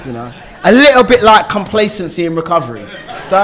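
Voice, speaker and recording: A middle-aged man, telling his recovery story in a lively way, often laughing and asking "do you know what I mean?". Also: sits high, a little fast, background noise. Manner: animated storytelling with frequent laughs and rhetorical questions. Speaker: recovery speaker. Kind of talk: personal recovery share.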